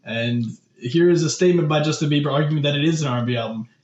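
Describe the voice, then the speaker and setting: A young man co-hosting a podcast, chatting casually about music news, animated and exasperated with lots of fillers. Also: fairly high pitch, fast. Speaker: podcast co-host. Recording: echoey room, dull lo-fi mic.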